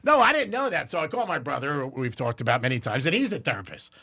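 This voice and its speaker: A male radio host who tells stories in lively, casual banter and laughs often. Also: a little high, quick pace, vocal fry, breathy edge. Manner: animated storyteller, laughs often.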